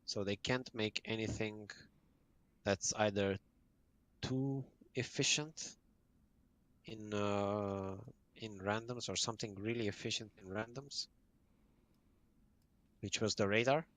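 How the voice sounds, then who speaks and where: A man's voice: lowish voice, steady tone, slow, long pauses, a bit bright. A man as a podcast guest, earnestly explaining game tactics in casual chat.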